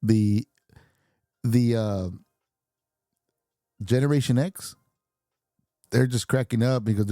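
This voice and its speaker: A middle-aged man rants bluntly through his podcast monologue, cursing constantly and chuckling at his own lines. His voice is warm and mellow. The sound is dry, with no room echo. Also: medium pitch, fairly even intonation, slow, long pauses. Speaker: podcast host. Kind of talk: profane ranting monologue.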